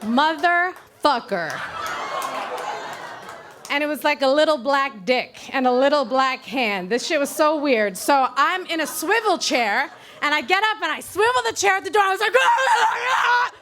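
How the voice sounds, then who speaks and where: A woman with a high voice tells a true story live on stage, cursing freely and poking fun at herself. She is from Brooklyn and keeps the tale animated and candid. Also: fairly quick, few pauses, some chatter behind, a little hiss or hum. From Brooklyn, New York. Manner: profane, self-mocking, animated.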